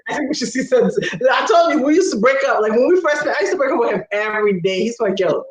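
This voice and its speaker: Woman co-host, animated expressive voice, acts out quotes, recorded in a roomy echoey space. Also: fairly high pitch, fast talker. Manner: expressive, acts out quotes, laughs while talking. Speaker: livestream co-host. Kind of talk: casual chat.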